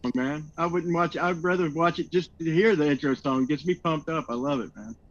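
Fast-talking man over dull lo-fi audio. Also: on the high side. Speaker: debate guest. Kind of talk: casual chat. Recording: dull lo-fi remote call audio.

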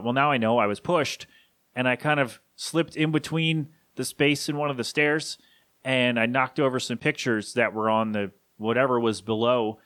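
A man talks alone on his podcast, halting and rambling as grief catches in his voice. His pitch sits at an ordinary middle height. The sound is dry and close, with no room around it. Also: a bit bright, no room sound. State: grieving, voice catching. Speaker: podcast host. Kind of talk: solo podcast tribute.

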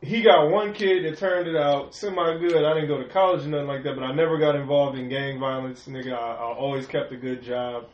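A man on a casual podcast, talking slowly in a laid-back, slangy way. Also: medium pitch, steady tone. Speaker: podcast co-host. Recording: echoey room, dull lo-fi sound, faint hiss.

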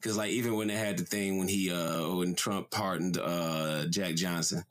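A young man co-hosts a laid-back podcast from home, his voice sitting low. He rambles loosely, stacks up fillers and cusses freely as he talks. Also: steady tone, normal speed. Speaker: podcast co-host. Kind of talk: casual podcast chat.

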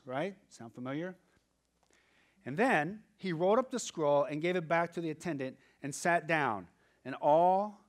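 A male pastor preaching a sermon, moving from quiet asides to loud emphatic passages and acting out quoted voices. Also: on the high side.

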